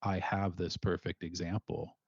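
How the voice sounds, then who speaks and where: A man with a very low voice reflects on fatherhood in a measured, sincere way. The recording is dry and close. It sounds a little dull and lo-fi. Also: little pitch movement, husky, no room sound. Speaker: podcast guest, single father. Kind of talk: reflective interview talk.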